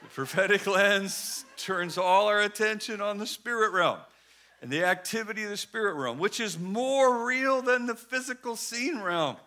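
A man preacher giving a humorous, animated sermon, swinging between hushed lines and shouted ones. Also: high-pitched, normal speed.

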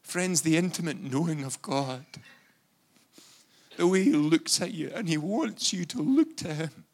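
A man preaching with a notably high voice, pleading and impassioned. His delivery swells into fervent calls to prayer and then eases back to plain talk. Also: animated, a little slow, a little mellow. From Scotland. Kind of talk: sermon.

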